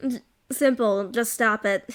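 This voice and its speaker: A woman's voice: a little high, fairly even intonation, a little slow. A woman with an American accent in casual banter as a co-host, laughing often and swearing when she gets defensive.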